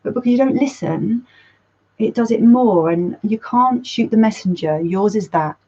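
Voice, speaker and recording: A woman's voice: mid-range voice, lively intonation, moderate pace, dark tone, breathy edge. A woman hosting a community chat as a counsellor, talking casually in a rambling, self-correcting way and swearing now and then. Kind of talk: casual talk. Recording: dull lo-fi sound.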